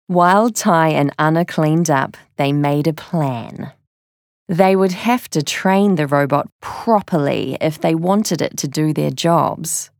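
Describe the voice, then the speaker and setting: A woman reading a children's story in a gentle, clear, measured way. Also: sits low, no echo, studio quality. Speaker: narrator.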